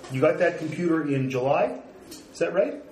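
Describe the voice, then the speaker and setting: A man's voice: on the high side, lively intonation, moderate pace, a little mellow, slight background noise. A man chatting casually at home, explaining things in a dry, teasing way. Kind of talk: casual family chat. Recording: echoey room.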